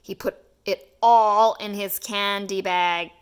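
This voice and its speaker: A woman reading a children's picture book aloud in an expressive, animated way. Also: mid-range voice, takes it slowly, clear, resonant tone. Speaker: children's story reader. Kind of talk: storybook read-aloud.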